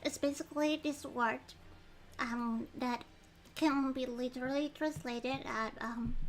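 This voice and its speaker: A woman's voice: high voice, steady tone, slow pace. A woman livestreaming a story game, chatting casually with lots of ums and reading the text aloud. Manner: chatty, giggly, frequent ums. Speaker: streamer playing a story game.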